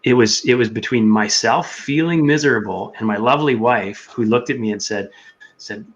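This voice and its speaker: A man's voice: mid-range voice, normal speed. A man telling his story earnestly as a podcast guest, sometimes acting out his own inner voice. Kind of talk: casual chat. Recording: dull lo-fi sound.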